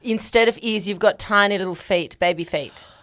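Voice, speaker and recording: A woman's voice: medium pitch, moderate pace, a bit bright. Brief: woman podcast host, playful and chatty, mid-range voice. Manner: playful, asks silly hypothetical questions. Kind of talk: casual chat.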